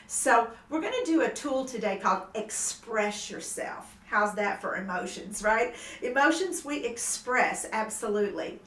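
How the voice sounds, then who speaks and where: A woman instructor calmly explaining seated movement exercises to a class. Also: fairly high pitch, unhurried. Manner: gentle, explanatory, then animated emoting. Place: room with music playing. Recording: echoey room, mic at a distance, music behind.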